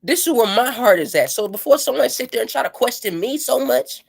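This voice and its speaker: A man's voice: very high voice, animated, a little fast, vocal fry, husky. Man, ranting vlog, heated and preachy, heavy swearing, keeps asking "you know what I'm saying.". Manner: profane, emphatic, preachy. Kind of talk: impassioned rant.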